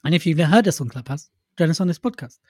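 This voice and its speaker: A man's voice: fairly high pitch, lively intonation, quick pace, no echo, clean studio sound. A man co-hosting a casual podcast, chatty and jokey, poking fun at himself. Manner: jokey, chatty, self-mocking. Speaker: podcast co-host.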